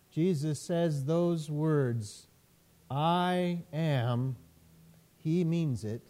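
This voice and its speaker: A man, a pastor, preaching a sermon in a measured way, repeating phrases with emphasis. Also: a little high, dark tone.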